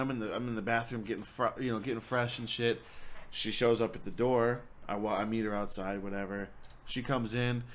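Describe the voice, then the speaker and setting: A young man telling a rambling, profanity-filled story in a casual, animated way. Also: medium pitch. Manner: rambling, swears a lot, animated. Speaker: storyteller guest.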